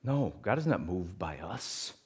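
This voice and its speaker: Male pastor, sermon delivery, swings between forceful emphasis and hushed conversational asides. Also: deep voice, very animated, unhurried, breathy edge.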